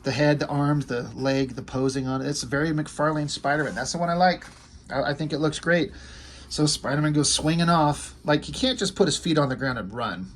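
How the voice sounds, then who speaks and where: A man's voice: fairly high pitch, a little fast, slight background noise. A man casually talking through a comic book page by page, rambling and enthusiastic with offhand asides. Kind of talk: casual video commentary.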